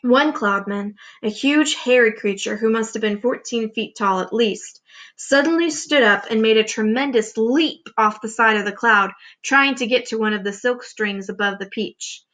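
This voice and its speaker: A woman teacher reading a children's book aloud with expressive, clear storytelling. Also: fairly high pitch, normal speed.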